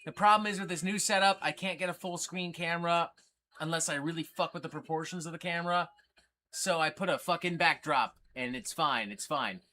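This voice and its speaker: A man's voice: on the high side, fairly quick, pushed and bright, slight background noise. A man hosting a casual livestream from a record store, rambling and swearing as he jokes around. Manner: rambling, profane, jokey. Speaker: livestream host.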